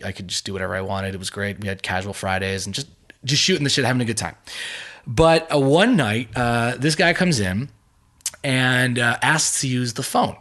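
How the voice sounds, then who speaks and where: A man's voice: medium pitch, fairly bright tone. A man from Montreal's West Island hosting a podcast, telling rambling anecdotes casually. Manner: rambling anecdotes with laughs and restarts. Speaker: podcast host. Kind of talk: casual storytelling chat.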